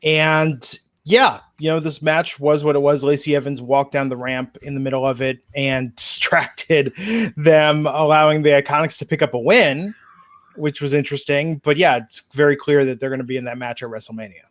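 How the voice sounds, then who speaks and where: A man's voice: fairly high pitch, flat delivery, normal speed, fairly bright tone. A man co-hosting a podcast, recapping events and asking the panel questions in casual chat. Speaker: podcast co-host.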